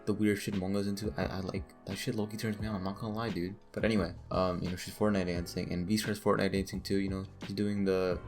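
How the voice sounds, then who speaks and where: A man's voice: low-pitched, level tone, fast, few pauses, soft background music. A man telling a crude, joking story in a casual, rambling way, full of asides. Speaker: storytime vlogger.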